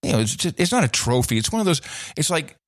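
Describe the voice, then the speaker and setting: A man's voice: on the high side, very animated, fast talker, no room sound, studio quality. A middle-aged man and host telling a story in casual chat. He rambles, restarts his sentences often and laughs now and then. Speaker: podcast host and former radio/TV host.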